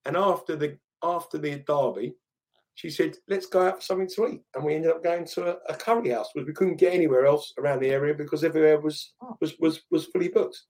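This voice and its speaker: A middle-aged man from England spins a long anecdote in a relaxed, rambling way, often starting a sentence over. His voice sits a little higher than most men's. He sounds like a podcast co-host chatting casually. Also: quick pace. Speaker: podcast co-host, betting pundit. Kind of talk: casual storytelling chat.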